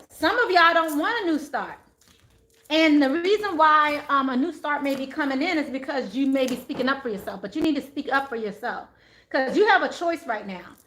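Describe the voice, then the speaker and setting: Woman tarot reader, high bright voice, animated, repeats herself, middle-aged. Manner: animated, exclaiming, repeats phrases. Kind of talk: live tarot reading advice.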